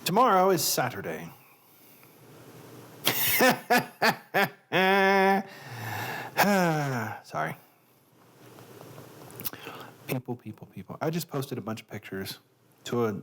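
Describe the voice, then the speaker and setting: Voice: mid-range voice, fairly bright tone. A host with a Southern accent chatting casually and reading aloud to viewers, rambling and easily sidetracked. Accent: American Southern. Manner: sips bourbon between readings. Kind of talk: casual chat and poetry reading.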